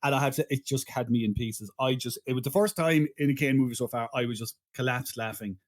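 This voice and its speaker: A man co-hosting a podcast, excitable and exclamatory, laughing easily as he recounts scenes. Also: mid-range voice, fast talker. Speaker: podcast co-host. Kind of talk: casual chat.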